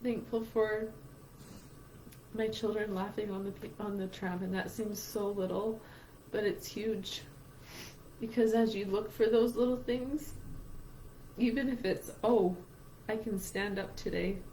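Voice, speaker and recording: A woman's voice: medium pitch, fairly even intonation, measured pace, mellow, a little hiss or hum, low-quality recording. A woman co-hosting a heartfelt conversation about grief. She speaks earnestly and emotionally from a faith-based outlook, and her voice is tearful at times. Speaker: podcast co-host.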